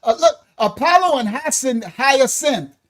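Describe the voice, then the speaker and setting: A ministry teacher giving a livestreamed lesson, reading from slides with excited asides to viewers and emotional, laughing outbursts. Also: sits high, a little slow. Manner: animated, reads aloud from slides with asides to viewers; emotional, breaks into laughter and apologizes. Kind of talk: livestreamed Bible-history lesson.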